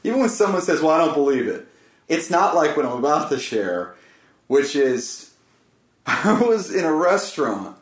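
A man's voice: on the high side, very animated, measured pace. A man telling a personal story in casual conversation, earnest and rambling, often stopping and restarting. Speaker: guest. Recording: roomy echo.

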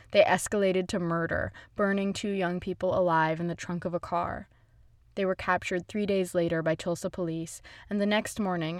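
A woman reads a scripted true-story narration at a measured pace. Her voice sits low, and the recording is dry and close to the mic with no room sound. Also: no room sound.

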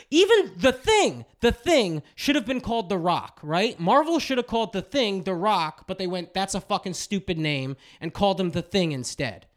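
A man hosting a podcast, ranting in a casual, profane way about wrestling and telling stories. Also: high voice. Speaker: podcast host.

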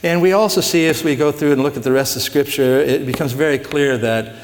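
A man's voice: a little high, a little fast, a little hiss or hum. A man preaching a conversational Bible-teaching sermon, tossing questions to his congregation in a folksy way. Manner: folksy, asks the audience questions. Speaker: pastor. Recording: long hall reverb.

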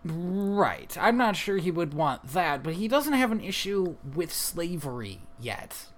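A man's voice: high-pitched, sing-song, measured pace. Wry man recapping a movie casually. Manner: wry, laughs at his own jokes, fillers. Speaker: podcast co-host.

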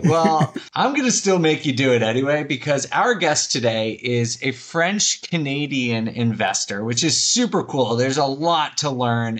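A man's voice: mid-range voice, a bit bright. A man hosting a podcast interview, speaking in an upbeat, friendly way into a studio microphone. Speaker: podcast host.

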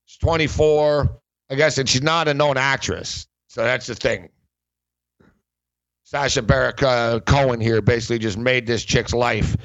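A man's voice: medium pitch, a little slow, a bit bright, no room sound. Male podcast host, loose rambling chat full of fillers, muffled lo-fi mic. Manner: rambling, filler-heavy, laughs often. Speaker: sports betting podcast host. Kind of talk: casual chat.

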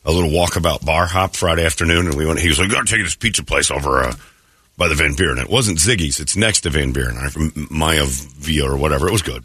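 With a very deep, slightly rough voice and a sharp tone, this man hosts a morning radio show through a studio mic with no room sound. He clears his throat and wanders through casual stories, voicing people's quotes.

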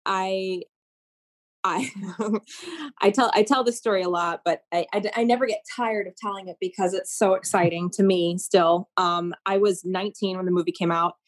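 A woman in her thirties from Maine, a Broadway performer talking in a casual interview, telling stories in an effusive, animated way. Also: mid-range voice, normal speed. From Maine, USA. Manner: effusive, animated storytelling with lots of "like".

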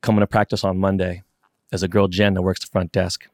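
Male co-host, low voice, excitable profane storyteller, dry close mic. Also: fairly quick, no echo. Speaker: podcast co-host. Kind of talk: casual chat.

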